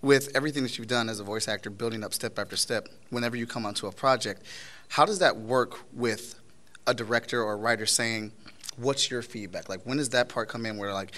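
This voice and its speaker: A man's voice: medium pitch, brisk, sharp tone. A man moderating a convention panel, asking casual questions with fillers and hesitations. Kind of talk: interview questions.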